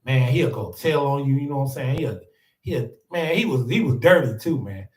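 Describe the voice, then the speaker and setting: A man's voice: mid-range voice, animated, moderate pace. Laid-back man telling stories in a roomy space. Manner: laid-back, peppers talk with "man", laughs often. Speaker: podcast host. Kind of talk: casual storytelling. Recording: roomy echo, distant from mic.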